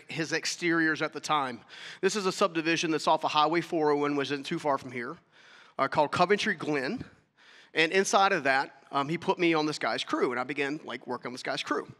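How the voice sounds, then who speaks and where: A man's voice: fairly high pitch, sharp tone, in a large hall. A man telling a story to an audience as a motivational talk, acting out the dialogue and throwing questions at the listeners. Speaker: speaker.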